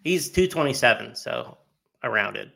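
A man's voice: medium pitch, animated, measured pace, creaky, bright, forceful tone. A man co-hosting a sports podcast in casual chat, with a wry, offhand way of talking. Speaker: podcast co-host.

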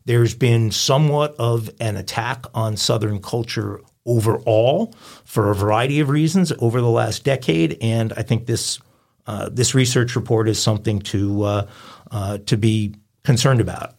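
A man from the Northeastern US co-hosting a casual podcast discussion, giving opinions at length with frequent pauses and fillers. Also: mid-range voice, vocal fry, darkish tone. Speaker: podcast co-host.

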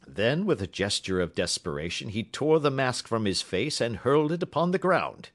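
A man reading a classic detective story aloud with steady narration. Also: medium pitch, normal speed. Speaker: audiobook narrator.

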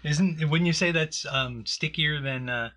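A man's voice: a little high, measured pace, background noise. A man hosting a casual, joking chat with a co-host, laughing often.

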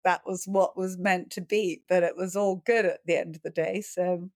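A middle-aged woman, a film producer, answering interview questions in a calm, reflective way, sometimes acting out a panicked voice. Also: on the low side, moderate pace, no echo, clean studio sound. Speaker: film producer and director, guest.

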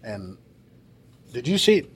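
This man, a cop with a podcast, recounts an arrest casually and with gusto, swearing plenty while imitating the people involved. He speaks at a medium pitch, moves slowly, and sounds a bit rough.

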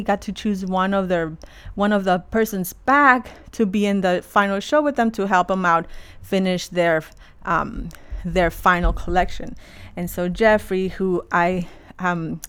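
A woman's voice: mid-range voice, clean tone. A woman fashion designer telling the story of her career in a casual, chatty way, with lots of "like" fillers. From Los Angeles area.

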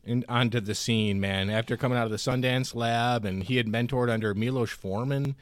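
A man's voice: medium pitch, fairly quick, smooth, dry recording. A man co-hosting a podcast, chatting loosely about films and swearing freely. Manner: loose, swears a lot, lively. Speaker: podcast co-host. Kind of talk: casual movie chat.

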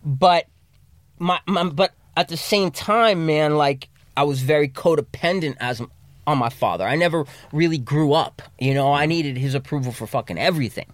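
A recovery coach appears as a podcast guest in a candid studio conversation, recorded on a studio mic with no room sound. He talks at a normal speed, raw and profane, restarting his sentences and dropping low and quiet when emotions rise.

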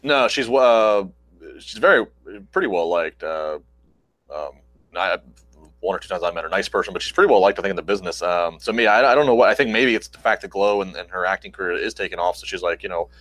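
Male podcast co-host, low voice, rapid halting delivery, dry close sound. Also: lively intonation, fairly bright tone, dry recording, low-quality recording. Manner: quick, halting, many restarts. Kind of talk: casual chat.

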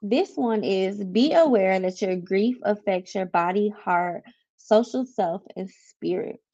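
On her personal podcast, a woman talks candidly and confidingly, occasionally reading passages aloud from a book. Her voice is middle-pitched, slow, and warm. The audio is somewhat dull and lo-fi.

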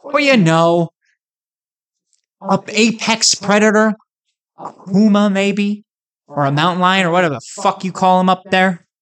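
A man's voice: high-pitched, measured pace, long pauses, fairly bright tone. A man from the United States, a vlogger, talking straight to camera in a hyped, rambling, jokey rant with crude asides. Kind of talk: casual comedic rant to camera.

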